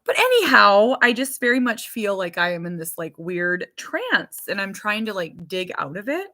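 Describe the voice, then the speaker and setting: A woman's voice: medium pitch, big pitch swings, moderate pace, bright, forceful tone. A woman hosting a podcast as a mother, chatting casually in a rambling way that is full of restarts. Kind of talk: casual chat.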